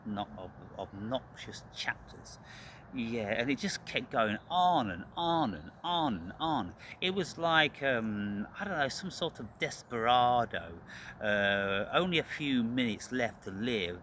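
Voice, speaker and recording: A man's voice: mid-range voice, a bit bright, slight background noise. A man hosting his own channel, delivering an angry, profane rant about spirituality, repeating himself and calling out to "people.". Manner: profane, ranting, repetitive, addresses listeners as "people". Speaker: channel host.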